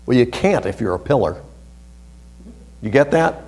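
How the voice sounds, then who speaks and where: A man preaching a sermon to his congregation. He reads scripture aloud with emphasis and swings between loud, stressed phrases and hushed, low asides. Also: expressive, a little slow. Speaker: pastor.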